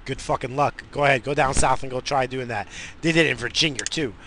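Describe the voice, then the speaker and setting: A man's voice: mid-range voice, fast, sharp tone, a little hiss or hum. A man from the United States hosting a show, ranting in a profane, rambling, fired-up way from inside a car. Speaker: radio show host. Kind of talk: profane casual rant.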